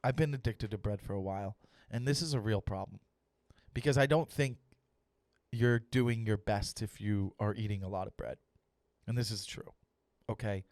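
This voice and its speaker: A young adult man hosting a comedy podcast, ranting with animated, profane storytelling and acted-out dialogue. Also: lowish voice, normal speed, dry recording. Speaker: comedian host.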